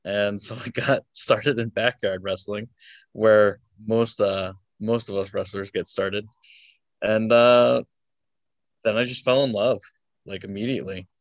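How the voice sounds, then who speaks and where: A man's voice: fairly low pitch, steady tone, a little slow, dry recording. A man in his twenties, a wrestler answering interview questions casually, hesitant and full of fillers, chuckling often. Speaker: wrestler guest.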